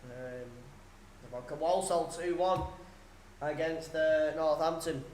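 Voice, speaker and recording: A young man runs a live football watchalong, reeling off scores between casual banter and laughs. His voice sits high for a man. The room around him is echoey. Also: takes it slowly, darkish tone, a little hiss or hum. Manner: chatty, reads scores aloud, swears, laughs often. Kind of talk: live score commentary and chat.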